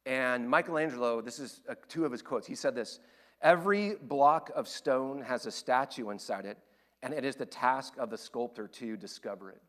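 A man preaching a sermon, telling stories in an animated way and acting out the voices he quotes. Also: medium pitch, moderate pace. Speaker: pastor.

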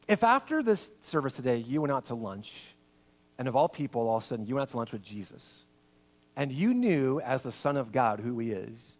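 A male pastor preaching a sermon, swinging between loud, acted-out quotes and hushed, intimate passages. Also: mid-range voice, very animated, brisk.

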